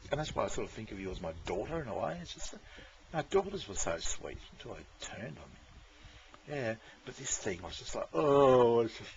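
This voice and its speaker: A man's voice: mid-range voice, sing-song, a little fast. A man, rambling in casual chat, swearing freely and chuckling often. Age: 60s. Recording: dull lo-fi recording.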